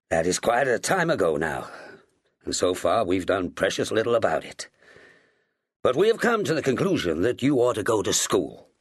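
A man's voice: fairly low pitch, husky, dry recording, studio quality. A man voicing a firm, earnest middle-aged ship's master speaking as a fatherly uncle.

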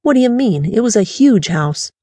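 A woman voicing a gruff, skeptical male detective partner who talks in a curt, doubtful way. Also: on the high side, lively intonation, normal speed, dark tone, dry recording, studio quality, voice pushed up.

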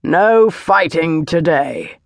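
A gruff veteran centurion, blunt and wary, with clipped, grim speech, as a woman reading an audiobook puts him on. The voice sits dry and close. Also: deep voice, unhurried, no echo.

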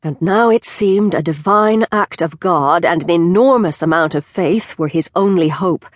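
With a lowish voice, a woman tells an audiobook story from a script, keeping her delivery measured and expressive. The dry, studio-quality recording was made in a studio with a close studio microphone.

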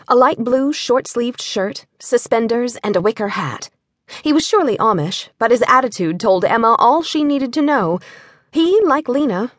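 Woman narrating a storybook, lively. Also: medium pitch, no echo, clean studio sound. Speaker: audiobook narrator. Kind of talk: scripted narration. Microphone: close studio mic.

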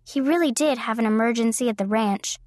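A woman's voice: fairly high pitch, a little fast, no room sound, studio quality, natural voice. A woman reading the lines of a sweet-natured, teasing widowed mother in middle age. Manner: gentle, teasing.

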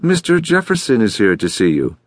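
A man voicing a quick-witted young female receptionist who talks in a cheerful, wisecracking way, in an audiobook. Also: medium pitch, huge pitch swings, no echo, pitched above the performer's own voice. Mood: wry. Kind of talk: audiobook character voice.

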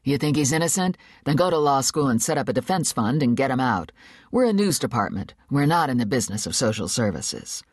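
A woman voicing a powerful, impatient woman news executive with a raspy alto and a curt, barking delivery. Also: a bass voice, very animated, brisk, no room sound, clean studio sound, full character voice. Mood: scornful.

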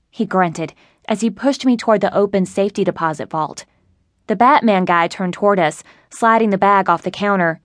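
A woman reads a first-person mystery audiobook with a wry, sassy edge. Her voice sits at a middle pitch. The studio recording is dry and close, with no room sound. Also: normal speed, dry recording. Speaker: audiobook narrator.

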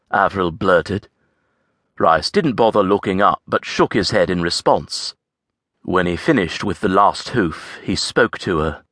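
A male audiobook narrator with a low voice that moves with lively intonation. He tells the story in a measured, expressive way. The sound is close and completely dry. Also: no echo. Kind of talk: scripted narration.

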